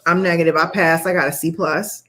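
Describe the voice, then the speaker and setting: A woman in her thirties with a New York accent, co-hosting a casual live-stream chat in a chatty, excitable way with quick asides. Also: on the low side. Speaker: co-host.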